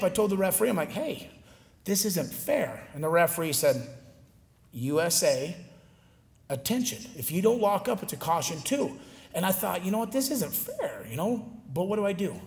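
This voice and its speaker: A man giving a storytelling speech to a live audience, animated and acting out the voices of people he quotes. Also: high-pitched. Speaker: motivational speaker. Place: large gymnasium. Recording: long hall reverb.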